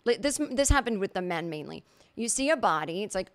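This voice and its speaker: A woman's voice: mid-range voice, expressive, fairly quick. A middle-aged woman hosting a podcast, telling a funny story in a casual monologue and acting out the quoted reactions. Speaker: podcast host.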